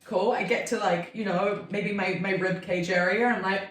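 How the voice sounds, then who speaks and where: A woman's voice: medium pitch, steady tone, moderate pace, recorded from a distance. A woman in her thirties tells a chatty, rambling story to a close friend and fills her talk with "like." She sits back from the mic. The room is very echoey. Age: 30s. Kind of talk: casual chat.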